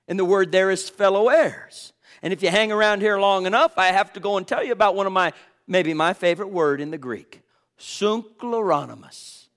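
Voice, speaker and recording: A man preaching a sermon to his congregation, impassioned, swelling loud and then dropping almost to a whisper. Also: high-pitched.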